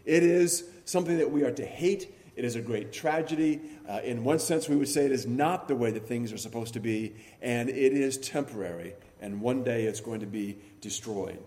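A male pastor delivers a sermon in a measured, teaching way, leaning on key words now and then. His voice is dark and mellow, at an ordinary pitch for a man. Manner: measured teaching delivery with occasional fillers and emphatic stresses. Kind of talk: expository sermon.

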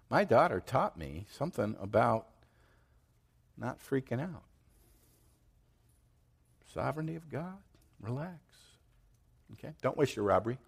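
A middle-aged man preaching a sermon, telling stories with lively swings between loud outbursts and quiet asides. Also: on the low side. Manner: animated storytelling, acts out quoted voices, swings loud and soft. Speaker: pastor.

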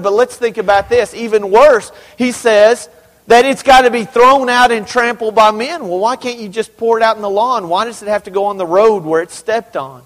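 A man's voice: high voice, moderate pace, in a large hall, poor audio. A man preaching a sermon as pastor, emphatic and conversational, with humorous asides to his congregation. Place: church sanctuary.

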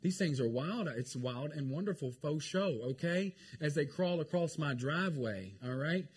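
A man preaching a lively, joking sermon to his congregation. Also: a little high, normal speed, slight background noise. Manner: animated, jokey, talks to the congregation. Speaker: pastor.

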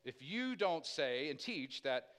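Male pastor, middle-aged, slightly high-pitched, loose conversational sermon delivery with acted-out dialogue. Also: slow pace, clean tone. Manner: casual, animated storyteller acting out quoted voices. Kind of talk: sermon testimony storytelling.

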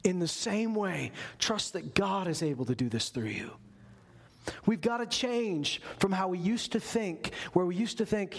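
A man's voice: high voice, sing-song, moderate pace, gravelly, breathy edge. A man pastor preaching a sermon in an emphatic, conversational way.

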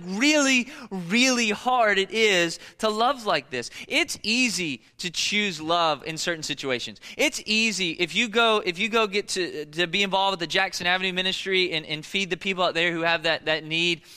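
A man's voice: high-pitched, animated, moderate pace, hardly any pauses, sharp tone, clean tone, long reverb tail. A young man preaching a sermon as a pastor, speaking conversationally and emphatically, often restarting his sentences.

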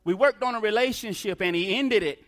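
A middle-aged man preaches his testimony in a high, bright voice. He speaks emphatically and calls for responses from the congregation. Soft music plays faintly under his words. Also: fairly quick. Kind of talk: sermon testimony.

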